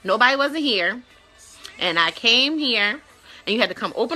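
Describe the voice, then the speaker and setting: Brief: young woman hosting a casual web talk show, playful and profane, sharp bright voice. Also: fairly high pitch, animated, normal speed, faint music behind. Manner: blunt, profane, playful, with loud mock-disgusted outbursts. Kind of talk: casual chat, reacting to viewer stories.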